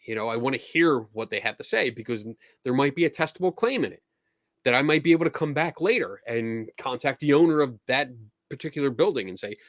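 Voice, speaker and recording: Fast and expressive, a mid-range male voice hosts a podcast, swapping laid-back stories and voicing the quoted exchanges within them. Studio quality, with no room sound.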